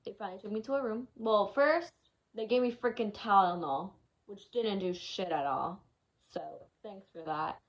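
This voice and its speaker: A woman's voice: medium pitch, moderate pace, highs cut off. A young woman telling a personal story in a casual vlog, frank and frustrated, swearing freely as she recounts it. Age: young adult. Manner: candid, emotional retelling with frequent swearing; frustrated, exasperated tone. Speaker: vlogger.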